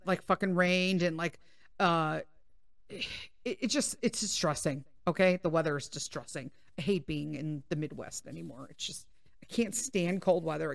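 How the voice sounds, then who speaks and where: A woman podcast host telling a story in casual chat, animated and full of swearing. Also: lowish voice, no echo, clean studio sound. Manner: profane, animated, laughing.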